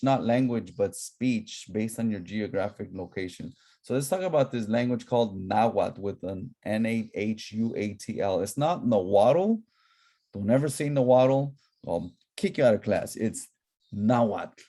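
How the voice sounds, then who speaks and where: Socal guy teaching online, low mellow voice, chatty, keeps saying right. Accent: Southern Californian. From Southern California. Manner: casual, chatty, repeats himself. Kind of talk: online class lecture. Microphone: laptop microphone.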